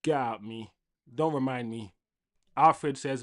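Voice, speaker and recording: A young man hosting a live football watchalong, ranting casually to his chat and swinging between loud outbursts and low muttering. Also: takes it slowly, long pauses. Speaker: livestream football watchalong host.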